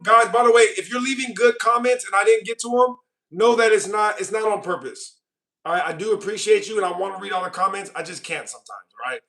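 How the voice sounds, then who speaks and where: Young male livestream host; high, bright voice; mocking, ranty casual chat. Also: quick pace.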